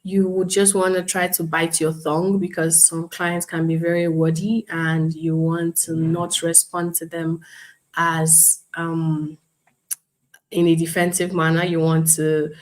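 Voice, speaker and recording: A woman instructor teaching an online class, speaking calmly and professionally, acting out customer calls as examples. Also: lowish voice, a little slow. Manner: calm, explains with role-played customer examples. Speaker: bootcamp instructor.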